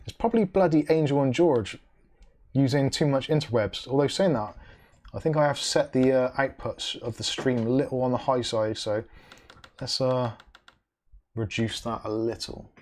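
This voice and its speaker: A man's voice: mid-range voice, moderate pace, a little mellow. Chatty male livestream host. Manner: chatty, hums "da da da" between comments; reads viewer comments aloud, then reacts with dry asides. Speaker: livestream host reading viewer chat. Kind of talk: casual live-stream chat.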